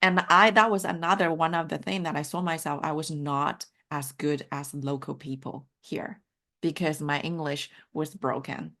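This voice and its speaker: In a low, pushed, bright voice with fairly even intonation and normal speed, a Mandarin-speaking woman coaches in English during a live video call. The life coach's talk is heartfelt and encouraging, sprinkled with frequent fillers.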